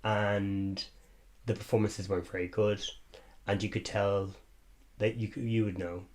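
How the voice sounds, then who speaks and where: A man co-hosting a podcast in casual chat, gossipy and quick to laugh. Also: fairly low pitch, little pitch movement, darkish tone, a little hiss or hum. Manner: chatty, gossipy, laughs often. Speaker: podcast co-host.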